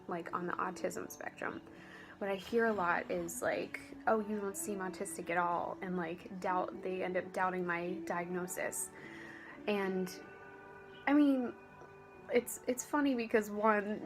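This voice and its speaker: A young woman vlogging casually to camera, halting and full of restarts and fillers, with dry sarcastic asides. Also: medium pitch, low-quality recording. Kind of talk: casual vlog talk to camera.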